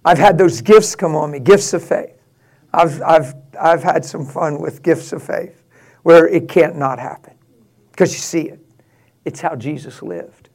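A man preaching a sermon, rising to passionate, laughing exclamations and dropping to a hushed prayerful tone. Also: a little high, a little slow. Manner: drops to a hushed prayerful tone near the end.

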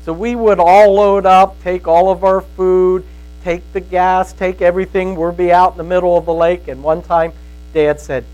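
Folksy storytelling man, fairly high voice. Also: flat delivery, normal speed, a little mellow, dull audio. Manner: storytelling, folksy, asks "right?" often. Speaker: Bible teacher. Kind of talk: conversational sermon.

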